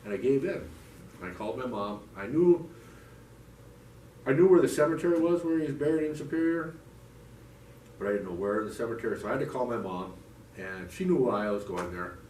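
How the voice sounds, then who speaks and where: A man's voice: mid-range voice, expressive, fairly quick, pauses often, a little mellow. A man giving a heartfelt, rambling personal testimony to a church recovery group, full of restarts and "you know". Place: church meeting room. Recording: echoey room, mic from a distance, faint noise.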